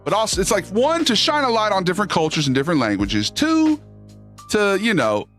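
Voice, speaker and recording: A man chatting loosely on his live stream, reading the chat and jumping into quick silly voices. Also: sits high, wildly swooping pitch, fairly bright tone, soft background music.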